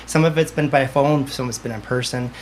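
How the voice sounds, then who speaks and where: Male medium telling lively stories. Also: medium pitch, brisk, a little hiss or hum. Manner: lively storyteller, acts out dialogue. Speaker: medium, podcast guest. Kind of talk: casual interview chat.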